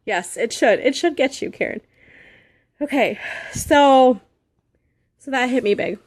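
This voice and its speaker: Woman in her thirties, high voice, dry close sound, earnest motivational team talk, halting. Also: lively intonation, no room sound. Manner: earnest, halting, gets emotional. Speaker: direct sales seller.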